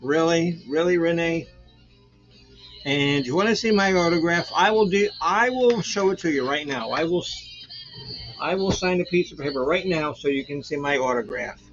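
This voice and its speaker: A man's voice: a little high, animated, moderate pace, fairly bright tone. A man in his sixties hosting his own show, chatting casually and rambling with lots of fillers and jokes. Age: 60s. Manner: rambling, jokey, full of fillers. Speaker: show host. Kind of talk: casual livestream chat. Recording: lo-fi sound with faint background music.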